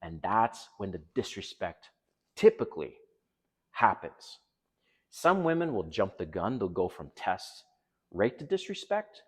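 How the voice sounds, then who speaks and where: A middle-aged man with a low voice talks in a loose, candid monologue. He turns animated as he acts out both sides of little exchanges. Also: a little slow, breathy edge. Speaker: dating advice channel host. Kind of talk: casual monologue.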